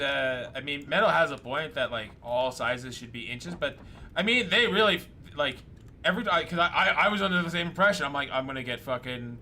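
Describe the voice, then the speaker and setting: A man chatting casually during a game stream, joking and laughing often with quick asides. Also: fairly high pitch, sharp tone, a little hiss or hum. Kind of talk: casual chat while gaming.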